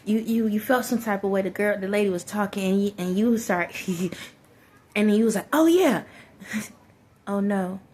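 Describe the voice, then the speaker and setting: A woman's voice: medium pitch, little pitch movement, fairly quick, darkish tone. Rambling woman ranting to her viewers. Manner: rambling, repetitive ranting with frequent laughter; colloquial, addresses viewers as y'all. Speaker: vlogger. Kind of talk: casual commentary vlog.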